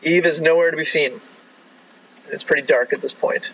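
A Canadian man spins a rambling anecdote, sprinkling "like" and "right?" through his sentences. His voice sits slightly high for a man, and the recording is a bit dull and lo-fi. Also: fairly even intonation, moderate pace, fairly bright tone. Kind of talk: casual spoken storytelling.

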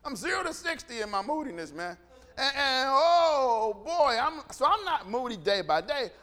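A middle-aged man preaching a sermon, animated, swinging from quiet asides to shouts and acting out dialogue. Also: very high voice, normal speed. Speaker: pastor.

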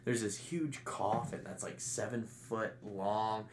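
A man telling a funny story in casual chat, breaking into loud shouted impressions. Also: fairly low pitch, takes it slowly, slight background noise. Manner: animated, loud shouted impressions of his dad's friends. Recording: echoey room.

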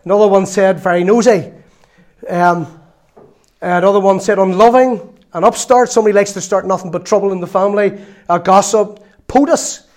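A man's voice: high voice, moderate pace, darkish tone. A man preaching a sermon in a chatty storytelling way, with laughs and asides.

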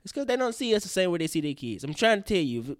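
A man's voice: sits high, racing, dry recording, studio quality. A young man hosting a podcast, ranting in casual news commentary, profane and prone to tangents. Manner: animated, profane, goes off on tangents. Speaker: podcast host.

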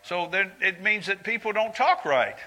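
A man in his seventies preaching a sermon in a church, earnest and conversational, dropping to quiet confiding asides and rising to loud emphatic lines. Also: high voice, expressive, normal speed, low-quality recording. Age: 70s.

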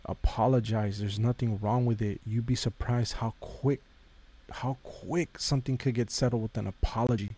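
A man's voice: mid-range voice, fairly even intonation, normal speed, mellow, breathy edge. A man hosting a podcast, giving a casual devotional talk in a conversational way, repeating phrases and addressing listeners directly. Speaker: podcast host.

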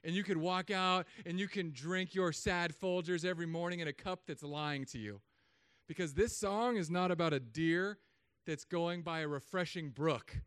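A man in his thirties from Southern California, a pastor giving a humorous sermon with animated storytelling and put-on voices. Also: a little high, moderate pace, clean tone, dry recording, studio quality.

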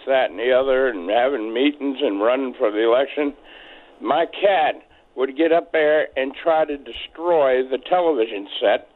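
A man from Maryland calling in to a radio show, telling a story in a halting, rambling way with many fillers. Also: mid-range voice. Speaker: caller. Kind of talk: phone call to a radio show. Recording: tinny phone line.

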